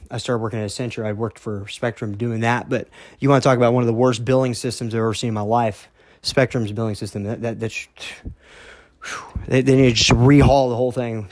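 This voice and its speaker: A man's voice: medium pitch, dry recording, clean studio sound. A man from Texas telling a heated story in a casual, rambling monologue, repeating himself and cursing. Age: young adult. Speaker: podcast host.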